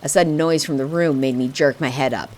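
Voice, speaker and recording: A woman narrating a first-person fantasy audiobook in a steady, emotive storytelling manner. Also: rumbling low, fairly quick, a little hiss or hum.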